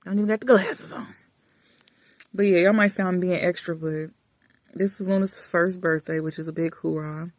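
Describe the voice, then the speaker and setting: Woman vlogger, low voice, dry close sound, casual affectionate chat, soft murmurs. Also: steady tone, moderate pace, no echo. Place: lying in bed in a dark room.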